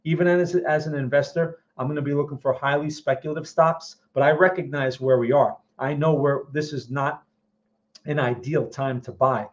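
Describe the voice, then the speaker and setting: A man's voice: on the high side, fairly even intonation, moderate pace, muffled recording. A man hosting a casual market livestream, answering viewer questions and often checking in with "all right" and "okay". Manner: answers viewer questions while looking at charts. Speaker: trading livestream host.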